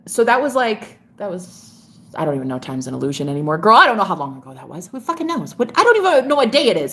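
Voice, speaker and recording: Woman tarot reader, live-stream host; effusive, chatty, profane, pitch swinging all over. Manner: gushing, chatty, swears freely.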